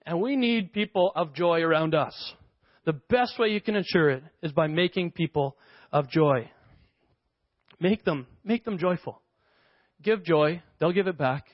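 High-voiced animated male pastor. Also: unhurried, dry recording. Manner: animated storyteller, laughs often. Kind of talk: sermon. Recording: dull lo-fi dry sound.

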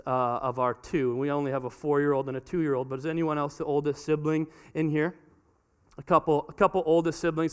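A man in his thirties preaches a sermon to a congregation with a notably high voice. His tone is smooth and clear, and he tells the story in an animated way, acting out the dialogue. He often repeats words as he restarts a sentence. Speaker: pastor. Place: church hall before a congregation.

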